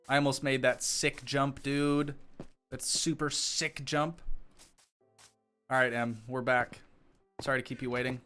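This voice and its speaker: A young man with a cold, streaming a game and chatting casually with viewers in a rambling, self-mocking way, often clearing his throat. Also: medium pitch, little pitch movement, measured pace, long pauses, sharp tone, faint music behind. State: sick with a cold. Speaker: gaming streamer. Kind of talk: casual live-stream chat.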